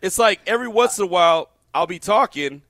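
A man's voice: high voice, a little fast, dry recording, clean studio sound. A man hosting sports talk radio, telling stories while fighting a tickle in his throat, his eyes watering. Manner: lively, storytelling, talks through a tickle in his throat. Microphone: studio mic.

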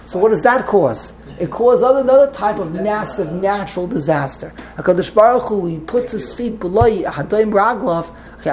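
A man's voice: high voice, darkish tone, a little hiss or hum, poor audio. Man teaching a Torah class, rambling. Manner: digressive, restarts often, mixes Hebrew terms.

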